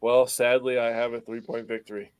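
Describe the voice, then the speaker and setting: A man's voice: mid-range voice, level tone, brisk, clear, resonant tone, no room sound. A man co-hosting a sports podcast, talking in laid-back, jokey banter. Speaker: podcast co-host. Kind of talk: casual sports podcast chat.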